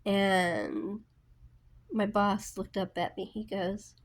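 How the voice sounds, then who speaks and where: Woman, casual vlog storyteller, unhurried and rambling, full of fillers. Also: medium pitch, little pitch movement. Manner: rambling, many fillers and restarts. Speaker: book vlogger.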